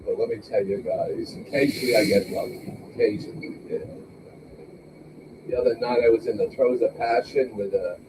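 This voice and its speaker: An older man hosting an open mic, doing stand-up comedy with slow, deadpan, self-deprecating jokes in a small club. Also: medium pitch, distant mic, background noise. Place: small club with a live audience. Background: audience laughter.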